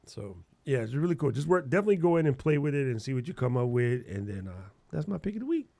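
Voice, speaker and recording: A middle-aged man talking casually as a podcast co-host, his voice sitting in the middle of the usual range. He is animated and playful, with plenty of slang. The sound is close and dry, with no room. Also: medium pitch, fast talker, creaky, no echo.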